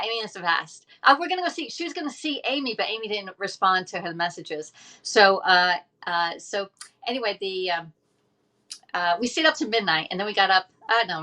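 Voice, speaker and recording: A middle-aged woman with a drawl chats on a casual live stream. Her voice sits low but rings bright and forceful. She rambles through a long story and keeps breaking off to greet viewers. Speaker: livestream host.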